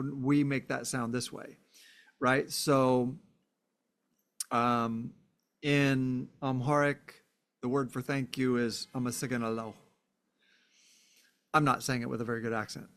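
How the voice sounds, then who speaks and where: A podcast host with a mid-range, slightly bright voice muses through a philosophical monologue. Fillers and repeated "right?" checks fill his thinking aloud, and he sometimes performs short exclamations.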